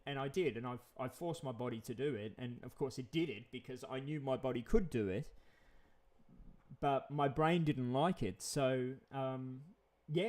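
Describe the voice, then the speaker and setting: A man's voice: medium pitch, darkish tone. A man, chatting in a rambling vlog monologue, repeating himself and chuckling often. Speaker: vlogger.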